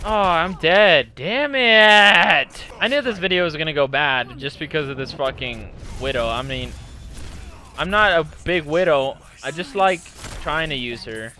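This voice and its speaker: Commentating on gameplay for a gaming channel, this young man swears nonstop in a sharp voice on the high side. He flares up easily, with frustrated, furious outbursts.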